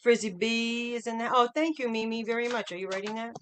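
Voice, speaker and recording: A woman's voice: a little high, steady tone, a little fast, fairly bright tone, slight background noise. A middle-aged woman hosting a casual livestream from home, chatting upbeat and greeting viewers by name one after another. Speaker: livestream host.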